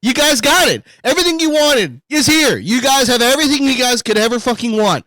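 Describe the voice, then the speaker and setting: A man's voice: extremely high pitch, big pitch swings, a little fast, bright, forceful tone, no echo, rough recording. A man co-hosting a podcast in casual chat, swearing often, laughing a lot and saying "dude" constantly. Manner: profane, laughing, repeats "dude". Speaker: podcast co-host.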